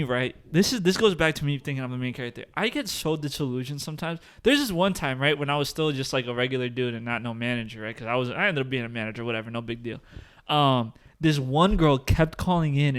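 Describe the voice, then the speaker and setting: A young man hosting a podcast, telling stories in a slangy, animated way with plenty of swearing. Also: mid-range voice, clear, resonant tone. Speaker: podcast host. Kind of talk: casual chat.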